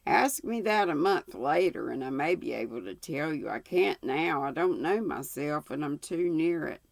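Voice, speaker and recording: A woman's voice: low voice, expressive, moderate pace, gravelly, no room sound, full character voice. A woman reading an earnest young schoolteacher. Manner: earnest and reflective.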